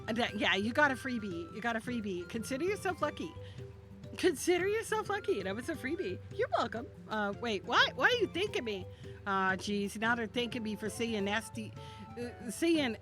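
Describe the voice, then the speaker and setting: A woman in her thirties chatting on a live stream, bubbly and excitable, laughing a lot. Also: mid-range voice. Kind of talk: casual live-stream chat.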